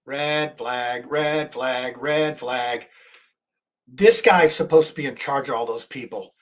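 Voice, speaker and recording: A man's voice: medium pitch, normal speed. A man hosting a talk show, giving heated political commentary in an indignant, rambling way with many restarts.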